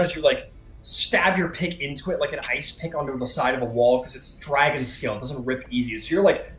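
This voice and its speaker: Man game master in a roomy echo. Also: a little high. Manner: loose, filler-heavy narration with casual swearing. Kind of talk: narrating a tabletop game.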